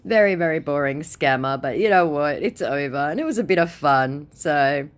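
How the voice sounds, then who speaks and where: A woman's voice: low-pitched, expressive, moderate pace. A woman who baits scammers and tells the story of a chat in a mocking, amused and blunt way. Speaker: scam baiter. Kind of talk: casual storytelling.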